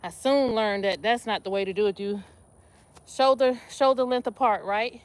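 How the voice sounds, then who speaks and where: A woman, talking to her live stream viewers as she works out. Her voice sits a little high, and she talks loosely with plenty of laughs and exclamations while she squats. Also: moderate pace. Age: 50s. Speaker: livestream host. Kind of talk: casual live exercise chat.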